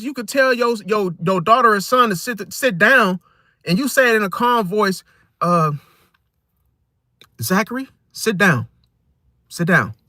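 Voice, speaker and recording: Animated young man, bright voice. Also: high voice, no echo, clean studio sound. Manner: animated, repeats "bro", street slang. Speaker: astrology content creator. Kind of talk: casual ranting monologue.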